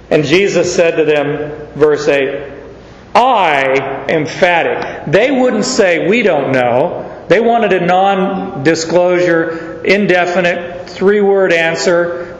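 A male pastor preaching a sermon, teaching slowly through Bible verses with chuckles. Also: high voice. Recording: echoey church hall, dull sound, faint noise.

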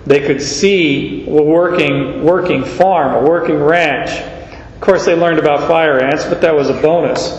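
A man preaching a sermon as pastor, in a folksy, anecdotal and animated way, in a church sanctuary. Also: on the high side. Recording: echoey hall, dull sound.

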